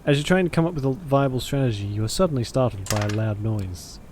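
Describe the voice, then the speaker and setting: A man narrating a visual novel aloud in a measured, theatrical way. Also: mid-range voice, darkish tone, a little hiss or hum. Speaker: streamer and voice actor.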